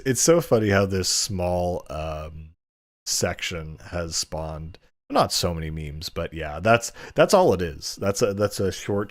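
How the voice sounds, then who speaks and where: A man casually reviewing and ranking books, rambling with frequent fillers and chuckles. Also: deep voice. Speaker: book reviewer. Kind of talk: casual commentary.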